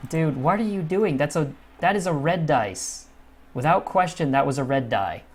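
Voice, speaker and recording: A man giving casual let's-play commentary as a gaming channel host, swearing freely and moving from low muttering to frustrated outbursts. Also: expressive, moderate pace, breathy edge.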